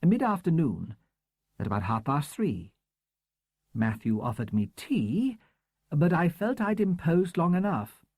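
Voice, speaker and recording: A man's voice: a little high, very animated, a little slow, a little mellow, husky, no room sound, clean studio sound, voice pushed up, full character voice. A man voicing a courteous, distant older Englishwoman with a southern English accent and formal, old-fashioned manners. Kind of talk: audiobook character voice.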